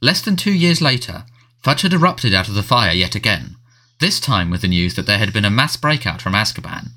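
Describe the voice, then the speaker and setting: A man's voice: on the low side, sing-song, a little fast, sharp tone. A man narrating a novel as an audiobook, telling the story expressively. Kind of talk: scripted narration.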